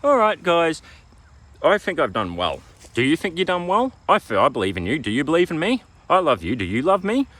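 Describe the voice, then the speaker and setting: This Australian-accented motivational vlogger has a fairly high, fairly bright voice with huge pitch swings and a fairly quick pace. He delivers an emphatic, preachy self-help monologue, hammering slogans and checking in with "all right?"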